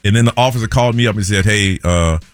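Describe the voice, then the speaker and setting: A man, a morning radio host telling a story in an animated way and acting out the people in it. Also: lowish voice, fast talker, dry recording, faint music behind. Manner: animated storyteller, acts out quoted voices.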